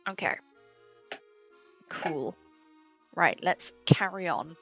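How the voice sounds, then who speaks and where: A young British woman chatting casually through a game stream, her voice on the low side and her swearing frequent and offhand. The sound is a bit muffled, with faint game music playing underneath. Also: slow pace, pauses often, a bit bright, breathy edge. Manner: chatty, swears freely, laughs with chat.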